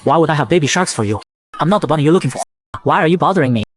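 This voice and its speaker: A man's voice: a little high, animated, very fast. A man voicing a small, frightened young male sea snail who complains indignantly. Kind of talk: comic recap narration.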